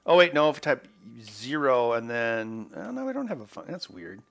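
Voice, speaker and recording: A man's voice: medium pitch, big pitch swings, moderate pace, vocal fry, fairly bright tone. A man hosting an electronics video, talking casually to himself as he works through a problem. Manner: muttering to himself while working. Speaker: electronics maker host. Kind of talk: casual work-along narration.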